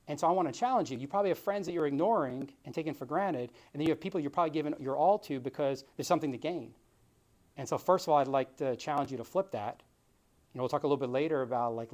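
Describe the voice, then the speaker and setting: A man's voice: medium pitch, a little mellow. A man in his thirties giving an earnest, conversational motivational talk as a realtor and author, often calling his listeners guys.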